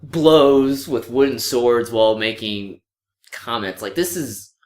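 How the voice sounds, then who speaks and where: A man co-hosting a podcast, chatting casually about a movie, animated and swearing freely. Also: medium pitch, takes it slowly, reverberant. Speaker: podcast co-host. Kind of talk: casual movie review chat.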